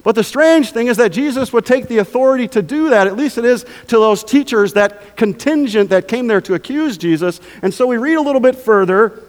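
Animated high-voiced man preaching. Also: a little fast, hardly any pauses, in a large hall. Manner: animated, conversational, rhetorical questions. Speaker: pastor. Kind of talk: sermon.

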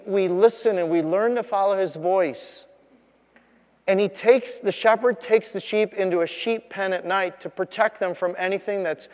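A man's voice: high voice, big-room sound. A man preaching a sermon as pastor, conversational and emphatic, asking the congregation rhetorical questions.

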